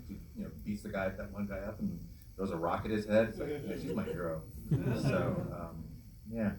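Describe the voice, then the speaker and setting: A man with a low voice talks haltingly and with enthusiasm on a convention panel, restarting his sentences often. He is heard from a distance in an echoey hall with faint noise behind. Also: fairly even intonation. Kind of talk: casual panel talk.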